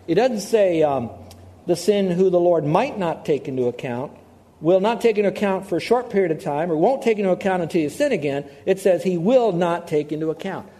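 Animated middle-aged preacher, mellow voice. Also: male voice, high voice. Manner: animated, repeats words for emphasis. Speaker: pastor. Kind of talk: sermon. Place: church in Hawaii.

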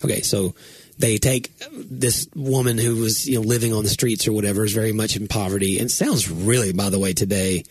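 A middle-aged man with a slightly husky voice, chatting casually on a podcast. He rambles and corrects himself mid-sentence, his pitch leaping up when he gets excited. The sound is close and dry, with no room around it. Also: fairly quick, dry recording. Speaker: pastor and podcast co-host. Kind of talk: casual chat.

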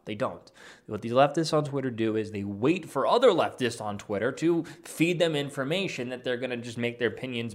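A man giving an argumentative, dismissive reaction as an online commentator, reacting to a clip and reading posts aloud. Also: mid-range voice.

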